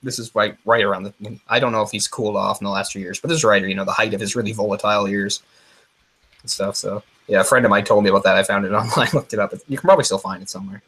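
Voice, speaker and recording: A man's voice: lowish voice, fairly even intonation, very fast, fairly bright tone, husky. A man co-hosting a casual movie discussion, chatty and opinionated, dropping into mock voices when he retells stories. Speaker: podcast co-host.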